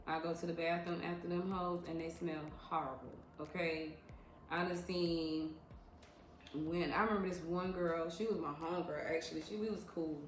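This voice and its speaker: A woman in her thirties, a vlogger recounting her years as a club dancer, tells casual story-time tales frankly and emphatically, leaning on slangy, drawn-out repeats. Her voice is lowish, with a little hiss or hum, in an echoey room with faint ambience.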